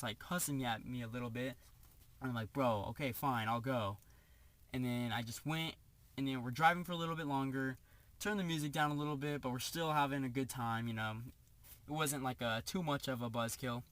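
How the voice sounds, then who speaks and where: A young man casually telling a story, animated, acting out the quotes, with lots of "like" as filler. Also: medium pitch.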